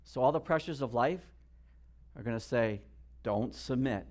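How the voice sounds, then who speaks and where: A man preaching a sermon as pastor, telling stories earnestly with restarts and dropping to a hushed tone for serious points. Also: mid-range voice, moderate pace. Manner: earnest storytelling with many restarts.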